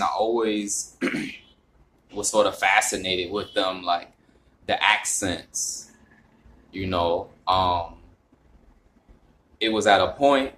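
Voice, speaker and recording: A young man from the northern United States with a New York accent talks straight to camera in a relaxed vlog. His voice sits low, and he wanders through fillers and restarts. When he hits his explanation he climbs higher and gets louder. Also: a little hiss or hum. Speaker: vlogger. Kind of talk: casual talk to camera.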